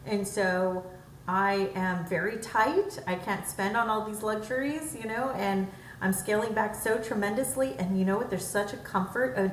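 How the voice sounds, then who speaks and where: A woman co-hosting a podcast in casual chat, animated, jumping high in pitch when acting out her own thoughts. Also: normal speed. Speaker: podcast co-host. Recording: echoey room, off-mic, faint background hum.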